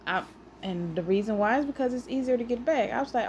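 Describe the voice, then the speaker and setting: A woman hosting a casual solo podcast, telling stories in an animated, playfully argumentative way and sounding a little out of breath. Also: a little high, fast talker, a little hiss or hum. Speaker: podcast host.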